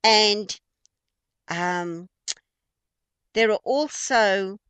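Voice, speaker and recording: A woman's voice: mid-range voice, extremely slow, fairly bright tone, clean tone, no room sound. A woman with an Australian accent giving an informal spoken lesson, explaining patiently with frequent ums and restarts. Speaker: feng shui teacher.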